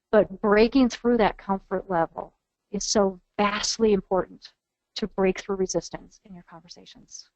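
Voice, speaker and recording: A woman's voice: medium pitch, darkish tone, no echo, dull audio. A woman trainer giving a webinar lecture in an earnest, coaching manner, modeling phrases aloud.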